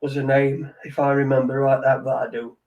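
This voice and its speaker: A man's voice: medium pitch, level tone, fairly quick, narrow, tinny audio. A middle-aged man, rambling in sweary, wry late-night chat as a podcast host, heard from a little way off the mic. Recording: distant from the mic.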